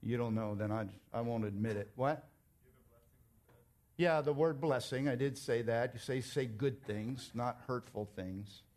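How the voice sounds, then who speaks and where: A man's voice: mid-range voice, unhurried. A man preaching a sermon as pastor, emphatic and conversational, telling stories and joking with his congregation. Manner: animated storytelling, emphatic.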